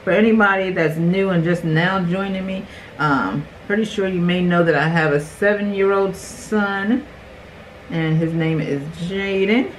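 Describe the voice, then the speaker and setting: A woman's voice: fairly low pitch, unhurried, a little hiss or hum, low-quality recording. Chatty woman doing a makeup tutorial. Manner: chatty, talks straight to viewers. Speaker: beauty vlogger.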